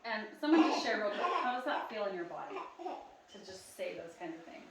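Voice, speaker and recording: A woman's voice: medium pitch, lively intonation, fairly quick, creaky, recorded from a distance, heavy background noise. Chatty woman presenter in echoey room. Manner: chatty, laughs often, talks straight to the audience. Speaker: workshop presenter. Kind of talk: live presentation guiding a group exercise. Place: retreat meeting room. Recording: echoey room recorded from afar.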